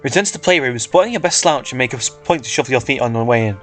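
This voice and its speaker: A man's voice: mid-range voice, lively intonation, racing, a bit bright, soft background music. A man casually reading a fan comic aloud, swearing and stumbling over words. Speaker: reader.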